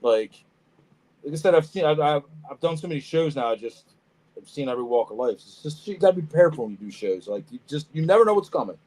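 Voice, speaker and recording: A man co-hosting a casual podcast, telling animated stories about reptile shows, swearing freely and acting out what people said. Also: a little high, fast talker. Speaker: podcast co-host, snake breeder. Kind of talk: casual storytelling chat.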